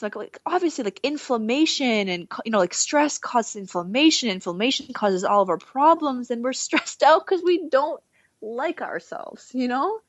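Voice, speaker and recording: A woman's voice: high voice, dry recording, highs cut off. A woman talking casually as a podcast guest, chatty and full of fillers and restarts. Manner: chatty, lots of "like" and "you know", quick restarts. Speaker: healer, guest.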